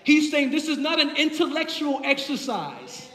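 Male pastor, very high voice, passionate repetitive preaching, roomy church echo. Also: very animated, moderate pace, a bit bright. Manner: impassioned, builds with repeated phrases. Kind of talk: sermon. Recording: echoey hall from far off.

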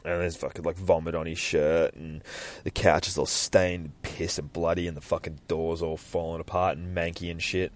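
A man's voice: low-pitched, little pitch movement, normal speed. A man hosting a podcast, recording outdoors near his work and retelling a comic with lots of swearing and rambling asides. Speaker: podcast host. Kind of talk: casual comic book retelling.

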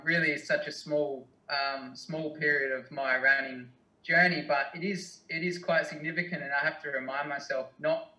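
Bright-voiced Australian man, roomy sound. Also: fairly high pitch. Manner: hesitant, halting, self-deprecating. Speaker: guest, distance runner. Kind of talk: casual interview answers. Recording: roomy, mic at a distance.

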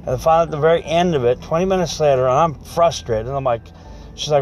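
A man's voice: a little high, quick pace, highs cut off, soft background music. A middle-aged man talking casually about his home life, acting out both sides of everyday conversations. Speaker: husband talking about marriage. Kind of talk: casual monologue.

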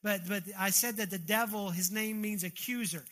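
A man's voice: high voice, normal speed, a bit bright. A man preaching a sermon as pastor, earnest, often repeating and restarting his words, into a handheld microphone.

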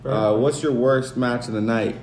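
A man's voice: fairly even intonation, normal speed, a little mellow. A man co-hosting a casual comedy podcast that recaps wrestling, mocking and joking as he goes. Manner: mocking, jumps to a high shrill voice when quoting people. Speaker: podcast co-host. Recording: echoey room with faint noise.

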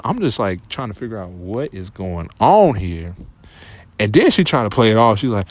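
A man's voice: lowish voice, wildly swooping pitch, fairly quick. A young man hosting a podcast, casually telling a personal story to his listeners, his voice jumping up when exasperated. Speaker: podcast host.

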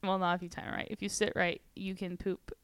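A young woman co-hosting a casual podcast, giggly and quick to react. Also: on the low side, level tone, a bit bright, smooth, dry recording. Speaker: podcast co-host. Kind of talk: casual chat.

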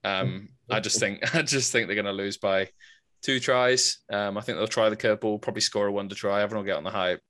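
A man's voice: lowish voice, steady tone, brisk, a bit bright. A man co-hosting a casual rugby podcast, jokey and opinionated. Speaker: podcast co-host.

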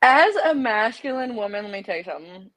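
A woman's voice: fairly high pitch, expressive, fairly quick, a bit bright, no room sound, low-quality recording. A young adult woman, a podcast guest, telling brash, joking stories in casual chat.

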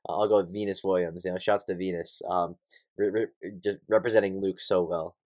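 A man's voice: deep voice, steady tone, brisk, a little mellow. A man co-hosting a podcast in a laid-back way, repeating himself and saying 'like' often. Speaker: podcast co-host. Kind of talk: casual podcast chat.

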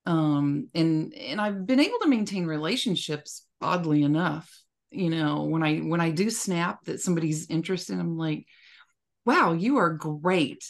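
Woman on a podcast, lowish voice, super direct and frank about stuff. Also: normal speed, vocal fry. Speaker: podcast co-host. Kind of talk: casual chat.

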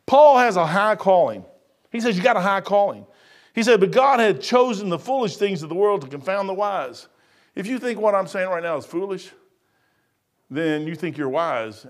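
A man in his sixties preaching a sermon in a folksy, animated way, swinging between quiet asides and loud bursts and acting out the voices in his stories. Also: high voice. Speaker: pastor.

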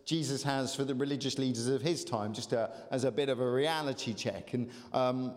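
A male pastor preaching a lively sermon to a congregation, urging them to call out, with frequent fillers and restarts. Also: medium pitch, moderate pace. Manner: animated, urges congregation to call out. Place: church hall. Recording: long hall reverb.

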